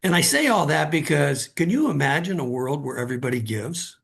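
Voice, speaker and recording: Middle-aged male guest, fairly high voice with a husky rasp, earnest and halting. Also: expressive, fairly bright tone. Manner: earnest, halting, repeats words when starting a thought. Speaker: guest author. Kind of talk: conversational storytelling.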